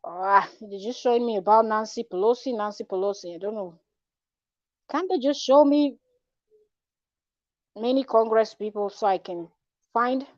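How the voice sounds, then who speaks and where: A woman's voice: on the high side, moderate pace, pauses often, no echo, dull audio. A woman vlogger talking casually and frankly, rambling with restarts and asides. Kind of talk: casual commentary vlog.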